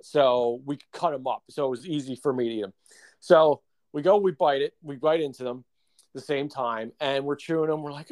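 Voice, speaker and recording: A man's voice: medium pitch, moderate pace, darkish tone, dry recording. A man co-hosting a podcast, telling a long story in casual chat, full of fillers and laughs. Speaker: podcast co-host.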